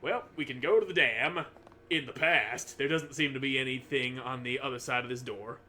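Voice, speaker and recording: A man's voice: mid-range voice, normal speed, sharp tone. A man hosting a let's play, reading game dialogue aloud with casual commentary, goofy and self-mocking, swearing casually.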